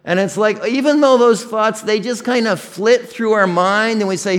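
A man's voice: high-pitched, normal speed, few pauses. A man with an American Midwestern accent, a pastor delivering a conversational sermon with frequent restarts and candid asides. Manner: conversational, self-deprecating, with many restarts.

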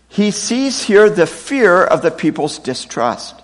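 Lively high-voiced male preacher in hall. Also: slow pace, few pauses. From United States, raised partly in Pakistan. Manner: expressive, dramatic reading of scripture quotes. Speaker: pastor. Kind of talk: sermon.

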